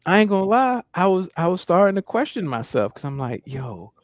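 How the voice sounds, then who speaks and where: Animated man telling stories, dry sound. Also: sits high, fast talker, dry recording. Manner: animated storyteller acting out his own inner voice. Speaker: podcast co-host. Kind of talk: casual chat.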